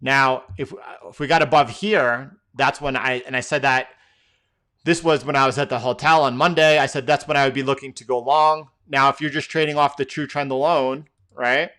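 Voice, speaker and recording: A man hosting a live trading session, reading out viewer questions and answering them off the cuff. His voice is bright and crisp. He rambles, restarts sentences and fills the gaps with filler words. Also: medium pitch, fairly even intonation, normal speed. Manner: loose and rambling, many fillers and repeated words. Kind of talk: casual live-stream Q&A.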